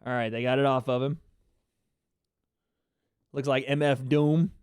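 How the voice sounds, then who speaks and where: A man hosting a live fight reaction stream, excitable and chatty, talking to his chat viewers. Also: mid-range voice, a little slow, clear, resonant tone, no echo, studio quality. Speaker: livestream host.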